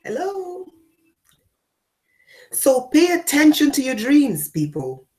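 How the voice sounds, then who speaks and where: A woman speaking as a spiritual teacher to her followers, her voice sitting in an ordinary middle pitch. She hammers points home by repeating them. She jumps from loud declarations to low, quiet asides. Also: lively intonation, unhurried, faint music behind. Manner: repeats phrases for emphasis. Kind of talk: spiritual talk to an audience.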